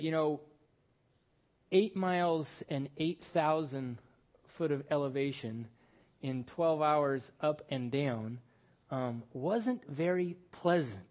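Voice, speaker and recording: A man's voice: on the high side, a little mellow. A middle-aged man preaching a sermon as pastor, conversational and self-deprecating, with sudden lifts of the voice for emphasis.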